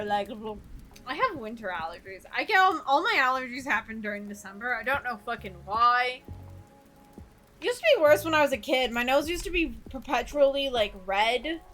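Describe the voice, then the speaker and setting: A woman's voice: fairly high pitch, animated, fairly quick, a bit bright. A woman from Georgia in the US, streaming while doing nail art and chatting casually, rambling and giggling, with the odd swear.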